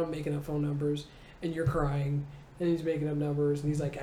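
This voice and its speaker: A comedian in her forties tells a childhood story in an interview, lively and laughing, acting out the people in it. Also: low-pitched, moderate pace. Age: 40s. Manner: animated, acting out voices, laughing. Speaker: comedian guest. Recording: roomy echo, faint noise.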